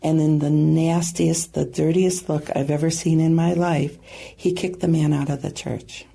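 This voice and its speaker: A woman guest earnestly recounting a personal testimony, with halting pauses and soft asides. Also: deep voice, little pitch movement, gravelly, breathy edge. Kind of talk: personal storytelling.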